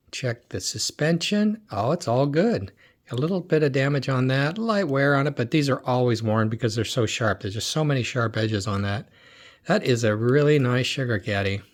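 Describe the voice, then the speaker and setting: A middle-aged man chats his way through a box of old toy cars, muttering and repeating himself as he goes. His voice sits in an ordinary middle pitch. He sounds like he is thinking aloud. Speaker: toy car collector and dealer. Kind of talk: casual unboxing commentary.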